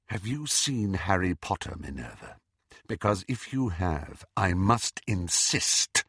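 A man voicing a cold, sly male professor, speaking slowly, quietly and low. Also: big pitch swings, husky, heavily acted. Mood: coldly menacing. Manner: slow, quiet, low and silky.

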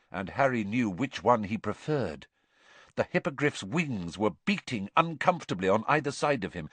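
A male narrator reads a novel aloud with expressive storytelling. His pitch rises and falls in a lively way. The recording is close and dry, with no room sound. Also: breathy edge, no echo. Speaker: audiobook narrator. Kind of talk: scripted audiobook narration.

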